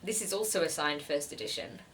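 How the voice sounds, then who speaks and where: A woman's voice: sits low, brisk, fairly bright tone, a little hiss or hum. A young woman chatting casually as a book vlogger, giggly and gushing about her gifts. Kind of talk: casual chat.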